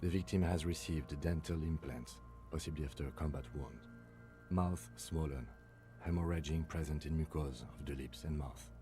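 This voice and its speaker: An actor playing a calm, methodical male police lieutenant in a video game, speaking in a measured, clinical, dry way. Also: a bass voice, music in the background.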